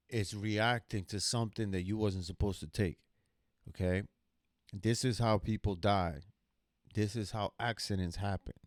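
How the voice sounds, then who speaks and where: A man's voice: lowish voice, darkish tone, no echo, studio quality. A man hosting a reaction video, commenting casually and telling a story, checking in with viewers with "okay?". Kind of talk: casual commentary over footage.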